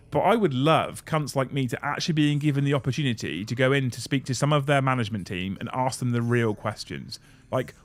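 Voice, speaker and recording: A man hosting a casual livestream, ranting bluntly and swearing as he reads viewer messages. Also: mid-range voice. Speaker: streamer host reading super chats.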